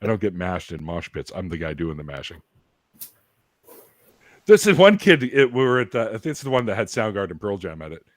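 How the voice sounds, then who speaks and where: Lively canadian guy in his 40s, low voice, swoopy pitch, laughs and does voices while telling stories, dry sound. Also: brisk, dry recording. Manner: animated, laughing storyteller who acts out voices. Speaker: guest. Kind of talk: casual storytelling chat.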